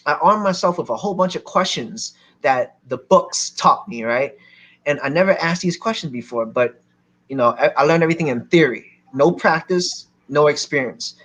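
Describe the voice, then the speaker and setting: A man from Philadelphia telling a lively story to a seminar audience as a real estate investor, acting out the people in it. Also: fairly high pitch, moderate pace. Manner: animated, acts out other people's lines.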